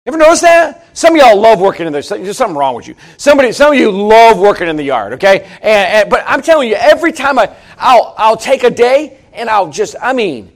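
A middle-aged man preaching a sermon in a conversational, joking way, with sudden loud outbursts. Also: high voice, big pitch swings, a little fast, few pauses. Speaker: pastor.

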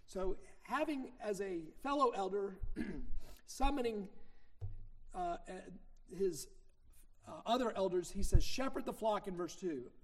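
High-voiced middle-aged preacher. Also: male voice, measured pace, long pauses. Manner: conversational teaching with anecdotes. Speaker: minister. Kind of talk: sermon.

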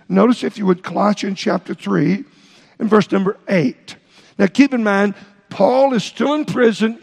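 Middle-aged male pastor, high gravelly voice, preaching a sermon, echoing through a long-reverb church hall. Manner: halting, repeats words, explains Greek terms. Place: church sanctuary.

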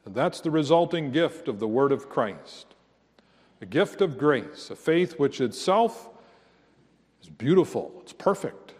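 Slow, earnest preacher man in a reverberant hall. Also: mid-range voice, sing-song, a little mellow, slightly rough. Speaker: pastor. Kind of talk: sermon.

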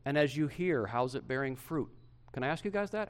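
A middle-aged male pastor preaching a sermon to his church, swinging from loud emphasis to hushed softness. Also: medium pitch, animated, fairly quick.

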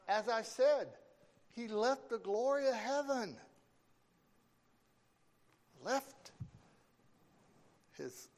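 A man preaching a sermon, slow and emphatic, with dramatic pauses between phrases. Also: high voice, a little mellow.

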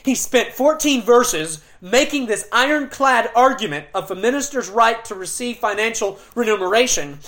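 A middle-aged pastor delivering an expository sermon, earnest and emphatic, with dramatic pauses and occasional restarts. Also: male voice, extremely high pitch, lively intonation, fairly bright tone.

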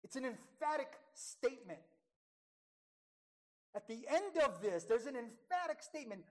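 Woman preacher with a fairly high voice; emphatic sermon, swinging between hushed and loud, stretching key words. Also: sing-song, unhurried, pauses often.

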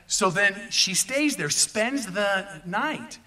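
A male pastor preaching a sermon in an animated way, addressing the congregation directly. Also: sits high, slow pace, far from the mic.

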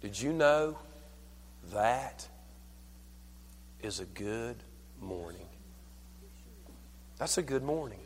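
An older man preaching a sermon at a church service. He tells folksy stories, calls for amen, and swings from hushed lines to loud, fervent preaching. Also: medium pitch, lively intonation, very slow, long pauses, in a large hall, slight background noise. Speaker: pastor.

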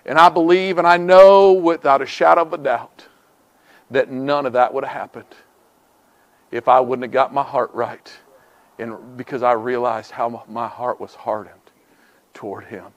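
A middle-aged man preaching a revival sermon, moving from hushed storytelling to fervent, near-shouted pleas. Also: mid-range voice, fairly even intonation, normal speed, no echo.

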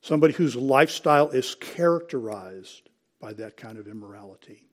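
A man preaching a sermon, explaining scripture and citing verses, calling the congregation folks and clearing his throat now and then. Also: mid-range voice, animated, fairly quick.

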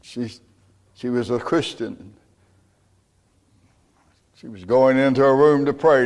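A man preaching a sermon as pastor, emphatic and building to loud peaks. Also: mid-range voice, unhurried, long pauses, big-room sound. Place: church.

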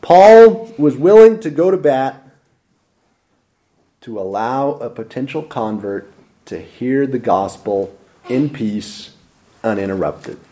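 A man preaching a lively expository sermon with dramatic emphasis. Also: mid-range voice, takes it slowly, long pauses.

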